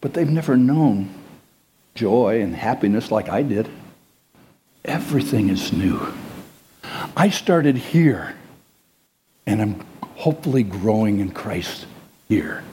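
A man preaching a sermon as pastor, conversational and animated, asking his listeners questions and dropping to hushed asides. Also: fairly low pitch, a little slow, long pauses, slight background noise. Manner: animated, swings between loud and hushed; conversational, asks the congregation questions.

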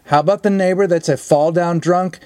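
A man's voice: sits high, steady tone, fairly quick, dark tone, no room sound. A man co-hosting a comedy podcast in crude banter, teasing his partner and repeating his own punchlines. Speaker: podcast co-host.

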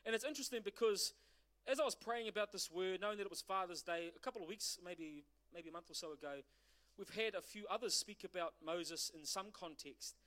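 A man's voice: sits high, fairly quick. A middle-aged man preaching a sermon as pastor, asking the congregation questions. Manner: animated preaching with rhetorical questions.

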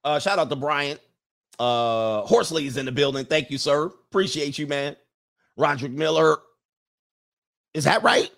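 A man's voice: a little high, normal speed, gravelly, fairly bright tone. A man hosting a livestream in casual chat, reading viewer comments aloud, rambling and chuckling as he loses his train of thought.

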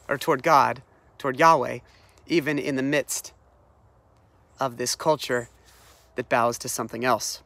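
A man preaching a sermon, retelling a Bible story in a lively, animated way, often repeating words as he restarts his sentences. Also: mid-range voice. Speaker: pastor.

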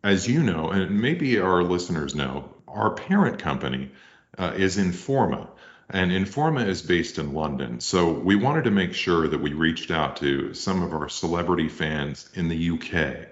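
Low-voiced podcast guy, halting mock-grand intros, kinda muffled audio. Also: expressive. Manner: hesitant, faux-grand introductions with fillers. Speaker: podcast co-host. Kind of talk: deadpan comedy bit.

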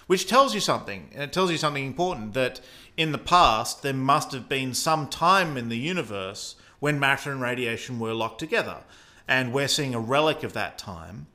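Australian male science talker, bright edge, easygoing explainer. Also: mid-range voice. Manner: explanatory, thinking aloud with fillers.

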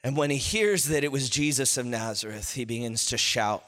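A man preaching a sermon as pastor, swinging from low murmurs to loud impassioned shouts. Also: moderate pace, hardly any pauses, big-room sound.

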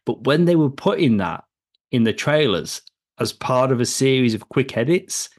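Male podcast co-host, casual rambling film chat, mid-pitched, laughs often. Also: expressive, normal speed. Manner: rambling, laughs often, lists cast members.

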